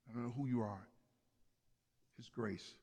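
A man's voice: medium pitch, fairly even intonation, unhurried, gravelly, a little mellow, husky. A man preaching a sermon as pastor, speaking with passion and building to emphatic peaks. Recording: long hall reverb.

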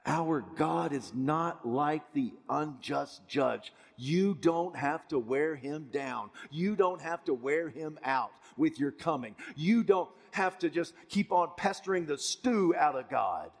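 Male pastor, sermon delivery: breathy, husky tone, rises to pleading then drops to a hush, long hall reverb. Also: a little high, lively intonation, slow, few pauses. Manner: impassioned, swings from loud pleading to hushed tones.

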